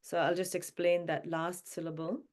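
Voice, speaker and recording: A woman teaching mantra pronunciation and pitch notes, explaining patiently and then chanting each line slowly. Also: little pitch movement, darkish tone.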